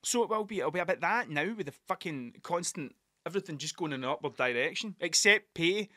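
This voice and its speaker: A Scottish man talks on his own podcast in a loose, rambling way, swearing freely as he goes. His voice sits a little high and comes across bright and tense. The sound is dry, with no room echo. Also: lively intonation, fairly quick. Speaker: podcast host. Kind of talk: casual solo monologue.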